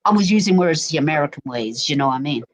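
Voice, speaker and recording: A woman's voice: low-pitched, animated, fast talker, dull audio. Middle-aged woman, berkshire english accent, chatty storytelling on a stream, keeps saying do you know what i mean. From England. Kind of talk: casual chat. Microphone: desk mic.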